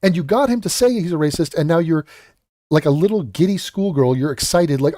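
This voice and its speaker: A man's voice: a little high, animated, fairly quick, warm tone. A man hosting a reaction commentary, sarcastic and mocking, swearing and mimicking others. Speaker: commentary host.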